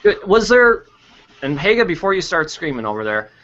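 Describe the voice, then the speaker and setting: A man's voice: fairly high pitch, sing-song, moderate pace, fairly bright tone. Blunt sarcastic man on a podcast. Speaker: podcast co-host. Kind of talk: casual chat. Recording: dull lo-fi podcast audio.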